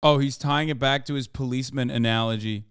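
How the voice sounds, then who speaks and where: A man's voice: mid-range voice, fairly quick, clean tone, no room sound. Streamer guy reacting to a clip, swears a lot, gets hyped, super clean dry mic. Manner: animated, profane, mocking asides. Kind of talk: casual reaction commentary.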